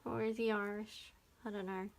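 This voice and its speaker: A woman's voice: medium pitch, flat delivery, moderate pace, vocal fry. An Australian woman giving a live crafting demonstration, chatting to viewers as she works. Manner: chatty, talks to viewers while working. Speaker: papercraft demonstrator.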